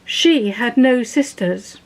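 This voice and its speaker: A woman reads her own poem aloud over a video call. Her voice is high, and she takes it very slowly, with a measured, unhurried delivery. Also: expressive, very noisy. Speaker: poet. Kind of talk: poetry reading.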